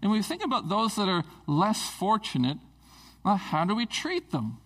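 A man's voice: high voice, huge pitch swings, normal speed, rough recording. A man preaching a conversational sermon in a casual, earnest way, with fillers and restarts.

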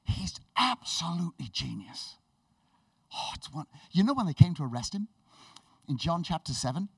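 Male preacher, sermon, animated storytelling, somewhat high voice, slightly distant mic, dry sound. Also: moderate pace, creaky, breathy edge, no room sound. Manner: animated, enthusiastic storytelling with laughs and restarts.

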